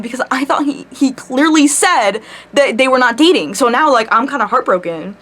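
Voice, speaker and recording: Chatty, swearing woman vlogger, higher voice. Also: brisk. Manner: animated, swears a lot, laughs mid-story. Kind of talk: casual storytelling to camera. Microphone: camera mic.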